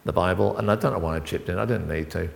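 Low gravelly preacher in a hall. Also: male voice. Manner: halting, full of restarts and asides. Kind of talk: informal sermon with congregation back-and-forth. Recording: long reverb in a hall.

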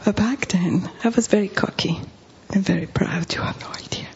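A woman's voice: medium pitch, moderate pace, vocal fry, darkish tone. A woman pastor preaching with humorous, confessional stories, often dropping to a whisper. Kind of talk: sermon storytelling. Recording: dull lo-fi recording.

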